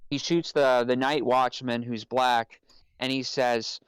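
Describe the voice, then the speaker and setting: A man's voice: medium pitch, fairly even intonation, slow, clear, resonant tone, no room sound, rough recording. Stammering man talking about a film. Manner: stammering, repeats words many times. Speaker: podcast co-host. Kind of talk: casual film discussion.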